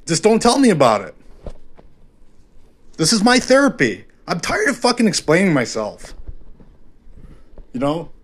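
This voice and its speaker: Husky and fairly bright, his voice sits high and swoops wildly in pitch. He speaks a little slowly with frequent pauses. Hosting his own podcast solo, he rambles frankly and self-deprecatingly, swearing constantly and using lots of fillers as he confesses.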